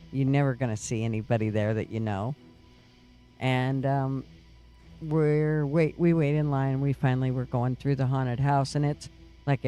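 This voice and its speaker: A man on a live talk show, telling a story in an animated, laughing way. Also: mid-range voice. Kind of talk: casual storytelling.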